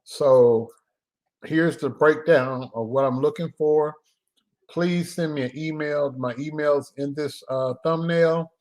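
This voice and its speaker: A man hosting a casual live stream as a filmmaker, talking in a loose, joking way with laughs and drawn-out pauses. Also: on the high side, darkish tone.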